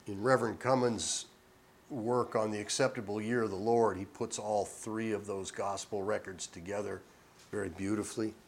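A man's voice: fairly even intonation, moderate pace, vocal fry, slight background noise. Man preaching, reading scripture aloud. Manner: reads scripture aloud with rising emphasis, then explains in a lower conversational tone.

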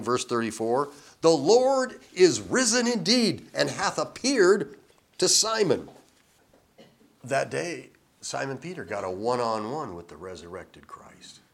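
A man giving informal Bible teaching, reading scripture slowly with emphasis, then chatting and chuckling between verses. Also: medium pitch, a bit bright.

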